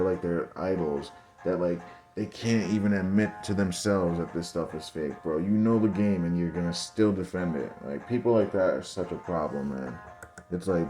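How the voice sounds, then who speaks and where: A man's voice: low voice, dark tone. A young man giving casual video commentary over game footage, ranting in exasperation and calling his viewers guys and bro. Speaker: football commentary channel host.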